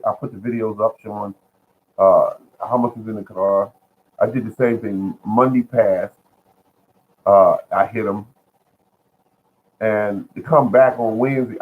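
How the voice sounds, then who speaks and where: Rambling man on a tinny line. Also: medium pitch. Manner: chatty, repetitive, addresses viewers as folks. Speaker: home gardening vlogger. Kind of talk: rambling casual monologue. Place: at home, indoors. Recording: phone-like lo-fi sound.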